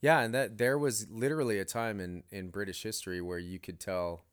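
A man's voice: lowish voice, fairly even intonation, a little fast, smooth. A man co-hosting a church podcast, telling stories with enthusiasm in casual chat. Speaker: podcast co-host.

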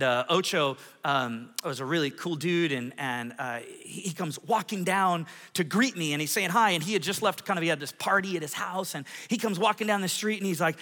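Pastor, forties, high voice, playful storytelling sermon in a big hall. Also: male voice. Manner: lively, self-mocking storytelling with audience polls. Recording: long hall reverb.

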